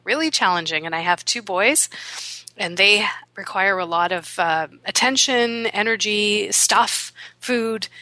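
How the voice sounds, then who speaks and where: Woman radio host, middle-aged, smiling and self-deprecating, bright tone, dry close mic. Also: mid-range voice, dry recording. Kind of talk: reflective casual talk radio monologue.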